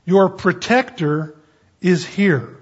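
Brief: male pastor, slow and husky, slightly high voice, folksy sermon on a dull lo-fi recording. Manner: folksy, conversational asides.

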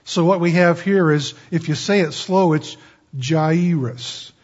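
Husky-voiced man preaching folksy sermon. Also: sits high, steady tone, normal speed. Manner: chatty, digressive, joking asides. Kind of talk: folksy Bible-teaching sermon. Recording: dull lo-fi recording.

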